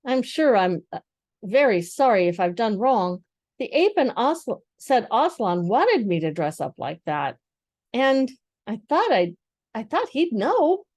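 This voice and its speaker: Figure: meek male donkey, voiced by an older woman. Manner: high, halting, apologetic. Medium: storybook reading. Sound: dry, close. Tone: mellow. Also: sing-song, no room sound. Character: gentle simple-minded male donkey, sorry and meek.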